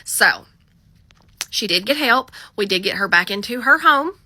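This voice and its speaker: A woman's voice: mid-range voice, animated, a little slow, bright, forceful tone, slight background noise. An American woman who works as a 911 dispatcher, telling a story in a chatty, wry storytime style. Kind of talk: casual storytime vlog.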